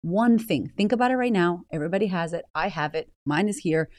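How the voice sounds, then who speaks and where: Woman, podcast host, fairly low voice, blunt, swears, rhetorical questions, dry sound. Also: expressive, a little fast, a little mellow, no room sound. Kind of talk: motivational podcast talk.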